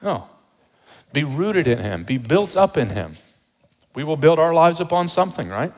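Male pastor, sermon, fairly high voice, emphatic rhetorical questions, long church reverb. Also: sing-song, moderate pace.

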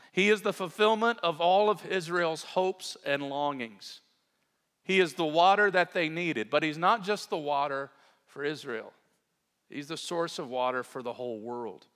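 A male pastor preaches with earnest emphasis, leaning on key words and then easing off into asides for his listeners. His voice sits a little high for a man. The sound has a long reverb tail, as in a large church hall. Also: a bit bright. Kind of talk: sermon.

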